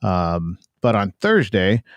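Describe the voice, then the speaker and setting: A man with a low voice, recorded close and dry, telling a personal story. He talks in an earnest, reflective way, slowing down on the serious parts. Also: big pitch swings, dry recording. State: in cancer treatment. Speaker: podcast co-host. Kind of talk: casual chat.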